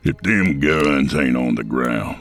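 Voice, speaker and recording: A man's voice: a bass voice, expressive, soft background music, voice pushed down, full character voice. A man voicing a menacing old hillbilly villain in an audiobook, with a growling, drawling delivery. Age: older. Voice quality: growling, gravelly. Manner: slow, drawling menace with evil laughs.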